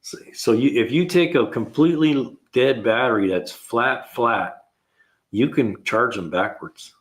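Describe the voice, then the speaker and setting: A man's voice: medium pitch, measured pace. An older man, a retired mechanic hosting a car repair show, telling rambling shop stories in a casual way, chuckling and acting out his own lines.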